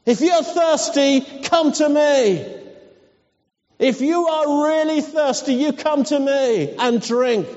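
A man preacher voicing a man who calls out urgently to a festival crowd, high and raised. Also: unhurried, few pauses, a little mellow. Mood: urgent shouting. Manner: urgent, insistent calling out. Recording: dull recording in a reverberant hall.

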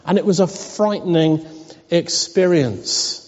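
A man preaching a sermon as pastor of a church, asking earnest, pleading questions and laughing softly now and then. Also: on the high side, slow. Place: church hall. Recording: dull lo-fi church recording with long reverb.

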